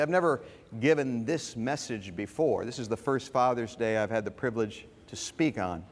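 A man giving a Father's Day sermon, earnest and storytelling. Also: medium pitch. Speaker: guest speaker. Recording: reverberant hall.

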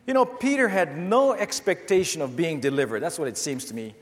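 A man's voice: a little high, animated, a little fast, few pauses. A man preaches a sermon to his congregation in a somewhat raised voice, hammering his points with repetition. He speaks straight to his listeners, and his words ring out in a long-echoing church hall. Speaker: pastor.

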